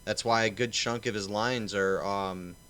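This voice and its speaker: A man's voice: lowish voice, fairly even intonation, a little slow, fairly bright tone, clear, resonant tone. A man co-hosting a casual chat, rambling through anecdotes and retelling stories in quoted voices. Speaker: podcast co-host.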